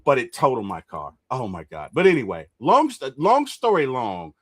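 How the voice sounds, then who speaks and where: Man, casual chat, animated storyteller, lively pitch, dry close sound. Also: moderate pace, no echo. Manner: animated storyteller, laughs and shouts when excited.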